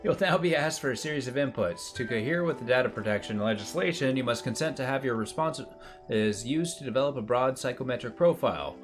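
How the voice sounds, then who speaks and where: A man's voice: medium pitch, lively intonation, fairly quick, soft background music. A man streaming a puzzle game, commenting casually and reading the on-screen text aloud with offhand remarks.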